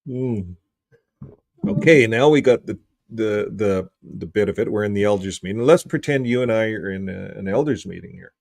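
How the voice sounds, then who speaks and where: A man hosting a casual video, reading from a book and joking, clearing his throat often, with his voice getting hoarse. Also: on the low side, moderate pace, a little mellow, no room sound. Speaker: video host.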